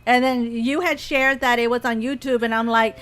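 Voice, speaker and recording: A woman's voice: fairly high pitch, fairly even intonation, normal speed, fairly bright tone, smooth, soft background music. A woman chatting casually on a radio show, telling stories animatedly, quoting others and laughing often.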